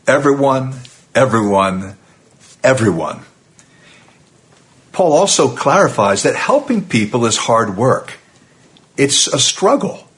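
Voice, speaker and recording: A man's voice: mid-range voice, big pitch swings, measured pace, fairly bright tone. A man teaches a recorded sermon in a mid-range voice. He is earnest and emphatic, leaning on repetition while staying conversational. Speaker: preacher.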